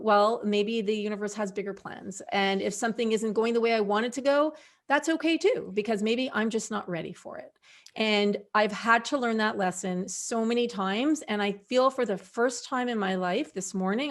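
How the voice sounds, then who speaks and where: A woman's voice: fairly high pitch, normal speed. A woman in a casual podcast conversation, speaking earnestly and encouragingly as a guest.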